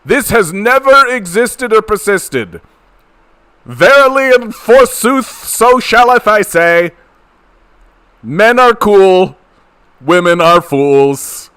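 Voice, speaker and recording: A man voicing a pompous old-fashioned man who declaims archaic decrees in a slow, grandiose, mock-solemn way. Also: high-pitched, expressive, fairly bright tone, clean tone, pitched above the performer's own voice, full character voice. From Canada.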